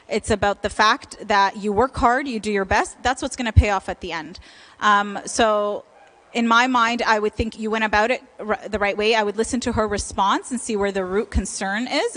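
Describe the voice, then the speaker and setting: A woman's voice: mid-range voice, a bit bright, rough recording. A woman leading an informal church parenting talk and answering questions in a conversational way.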